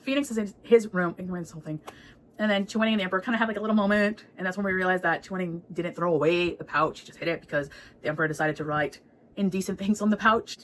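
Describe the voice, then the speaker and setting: A woman's voice: fairly low pitch, quick pace, a bit bright, a little hiss or hum, poor audio. A woman giving a casual, chatty book recap, laughing often and swearing freely. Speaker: book reviewer.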